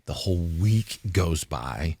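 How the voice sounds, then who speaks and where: Casting: very low male voice, dry studio sound, rambling retired fighter recounting events. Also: lively intonation, slow, a little mellow, breathy edge, dry recording. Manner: rambling, restarts, acts out quoted talk. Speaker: retired fighter, interview guest. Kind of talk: casual storytelling interview. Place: studio in Hollywood.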